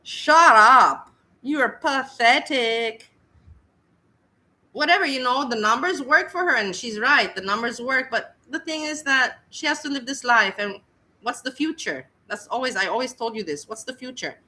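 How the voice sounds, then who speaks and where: Scornful woman commentator, bright voice. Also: fairly high pitch, expressive, fairly quick, low-quality recording. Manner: scornful, blunt. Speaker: commentary host. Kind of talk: reaction commentary.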